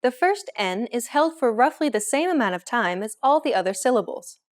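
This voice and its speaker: A woman's voice: on the high side, animated. Woman narrating a language lesson. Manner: clear, measured explaining. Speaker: host.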